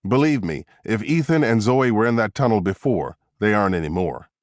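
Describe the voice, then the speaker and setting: Give me a man playing a terse, guarded male agent in an audiobook, deep and quiet. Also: lively intonation, no echo, studio quality, lightly acted. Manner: low, clipped and measured.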